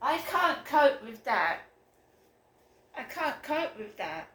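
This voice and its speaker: A woman rambles through a story at a slow, unhurried pace, growing indignant and worked up as she goes. Her voice is bright and fairly high. The room around her is echoey. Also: big pitch swings. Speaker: vlogger. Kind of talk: casual storytelling to camera. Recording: roomy echo, faint room noise.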